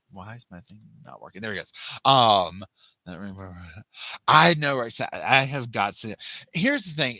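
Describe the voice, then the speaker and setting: A man's voice: medium pitch, bright, forceful tone, no room sound. A man hosting a casual live chat, rambling and restarting his sentences as he thanks viewers by name. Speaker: livestream host.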